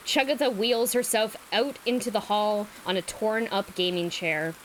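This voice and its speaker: A woman's voice: medium pitch, normal speed, hardly any pauses, slight background noise, rough recording. A woman streamer reading fanfiction aloud with amused, giggly asides.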